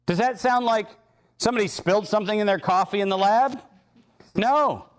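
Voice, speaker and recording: Man lecturer, high pitch, sarcastic, emphatic, hammers home each point in a talk with slides. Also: moderate pace. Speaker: speaker giving a talk.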